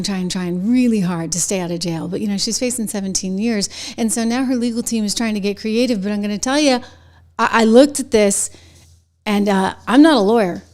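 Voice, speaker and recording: Chatty New England woman hosting a show. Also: a little high. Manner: chatty, animated, laughs between points. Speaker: show host. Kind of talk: commentary with a sponsor read.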